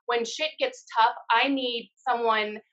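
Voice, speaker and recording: A woman's voice: a little high, fairly even intonation, measured pace, fairly bright tone. A woman in her thirties, a guest on a casual live-stream interview, telling her story candidly and swearing often. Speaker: guest, card-deck founder. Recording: dull lo-fi live-stream audio.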